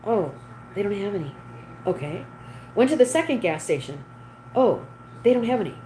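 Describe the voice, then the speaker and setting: Very animated and warm-toned, this female livestream host has a mid-range voice and talks at normal speed. She chats casually with viewers and reads their comments aloud, in a low-quality recording with slight background noise.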